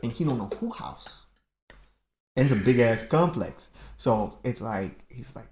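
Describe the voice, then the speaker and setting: A man's voice: medium pitch, unhurried. A man in his thirties telling a childhood story on a casual podcast, acting out everyone's lines. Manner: animated storyteller who acts out everyone's lines. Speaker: podcast co-host. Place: home room. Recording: roomy home recording.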